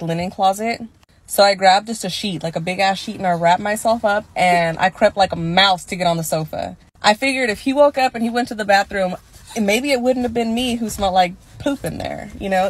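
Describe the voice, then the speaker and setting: Candid woman telling a storytime. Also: medium pitch. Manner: candid, laughing, acts out quotes. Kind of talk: casual storytime.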